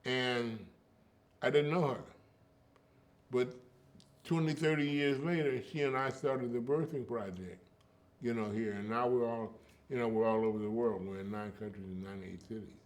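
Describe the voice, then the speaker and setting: A man's voice: mid-range voice, fairly even intonation, normal speed. Emphatic older man telling stories. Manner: rhythmic, emphatic, peppers talk with "you know" and "okay". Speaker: interviewee, griot. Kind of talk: casual conversational storytelling.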